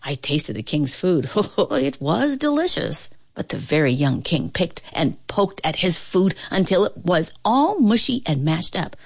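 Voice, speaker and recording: Husky woman reading a picture book aloud. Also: fairly low pitch, dry recording, clean studio sound. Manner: expressive, playful, with laughs and dramatic pauses. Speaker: storybook reader.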